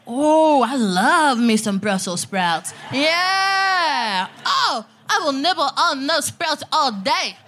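A woman's voice: high voice, sharp tone, a little hiss or hum. A woman performing a crude, punchy stand-up set live on a festival stage, laughing through her jokes. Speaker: stand-up comedian, guest.

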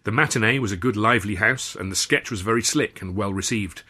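A man's voice: fairly low pitch, fairly quick, bright, forceful tone, breathy edge. A man reading his own first-person story aloud in a wry, dry storytelling manner. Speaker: author and reader.

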